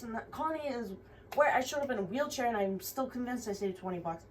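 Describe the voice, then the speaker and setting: A woman's voice: on the high side, lively intonation, fast talker. A young woman tells a personal story in a rambling, frank way, swearing often and using many fillers. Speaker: vlogger. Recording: somewhat distant mic with faint room noise.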